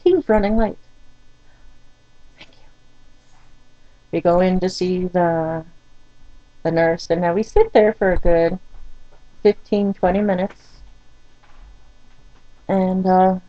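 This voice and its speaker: A woman's voice: on the low side, steady tone, slow pace, pauses often, mellow, no echo. An older woman vlogging from a doctor's waiting room, telling an exasperated, wry story to her camera. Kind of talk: venting personal story to camera. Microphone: phone or camera recording herself. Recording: dull, lo-fi and dry.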